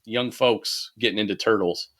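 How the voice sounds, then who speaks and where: Bright-voiced man ranting in casual chat. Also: on the low side, moderate pace. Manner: animated, swears freely, ranting. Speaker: podcast co-host.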